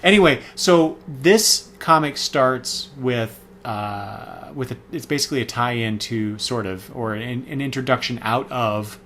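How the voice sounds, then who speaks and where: A man's voice: mid-range voice, a little slow, hardly any pauses, a bit bright, a little hiss or hum. A man giving a casual, rambling spoken review of comics, full of fillers and self-corrections.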